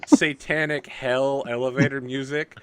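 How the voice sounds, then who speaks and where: A man's voice: medium pitch, flat delivery, a little slow, a crowd in the background. A man running a live-streamed tabletop game as game master, narrating casually with lots of "like". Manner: casual, chatty, lots of fillers like "like".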